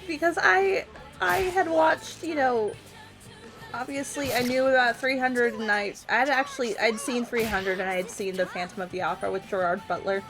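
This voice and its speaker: Giggly woman co-host on a game stream, slow unhurried talk, light music behind. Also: fairly high pitch. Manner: giggly, laughs often and hard. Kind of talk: casual chat over gameplay.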